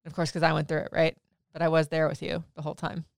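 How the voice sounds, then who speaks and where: A woman's voice: sits low, fast, vocal fry, no room sound, clean studio sound. A woman in her thirties hosting a show, chatting candidly and laughing as she tells personal stories to her partner. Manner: candid, laughing, lively storytelling. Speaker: podcast host. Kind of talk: casual personal chat.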